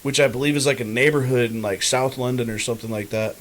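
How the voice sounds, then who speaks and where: A man's voice: mid-range voice, fairly even intonation, fast talker. A man co-hosting a podcast in a casual chat, rambling and loose, with a lot of swearing. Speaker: podcast co-host.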